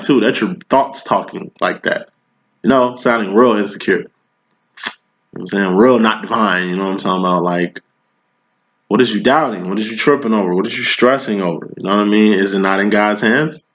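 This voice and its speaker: Slangy and preachy, this tarot reader keeps asking "you know what I'm saying" as he gives a casual reading. His voice is on the low side and a bit bright, captured in a dull lo-fi recording.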